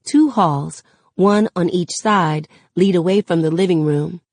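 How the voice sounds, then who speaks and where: A woman reading a novel aloud in a steady, unhurried way. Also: lowish voice, dry recording. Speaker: reader.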